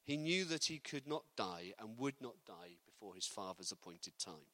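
A man preaching a sermon, lively and building to loud, emphatic delivery. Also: on the low side, moderate pace, no room sound.

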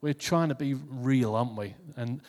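A preacher gives an informal sermon to a congregation, speaking conversationally and often repeating or restarting phrases. His medium-pitched voice is a little mellow and moves at a moderate pace, with a long hall reverb on the recording.

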